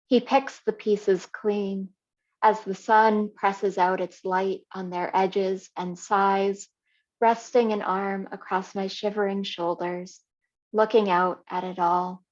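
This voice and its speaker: Slow-reading young woman poet. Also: mid-range voice, a little mellow, highs cut off. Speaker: poet reading her work. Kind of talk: poetry reading.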